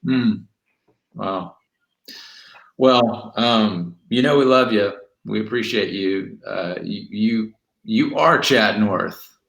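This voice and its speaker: A man hosting a casual interview, asking questions in a calm, measured, earnest way. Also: lowish voice, creaky. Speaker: interview host. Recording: roomy echo.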